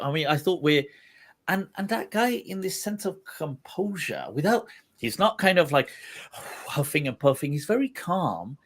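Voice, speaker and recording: A man's voice: on the high side, expressive, moderate pace. A man hosting a livestream discussion, thinking aloud in a meandering way, with many restarts. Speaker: Islamic scholar, livestream host.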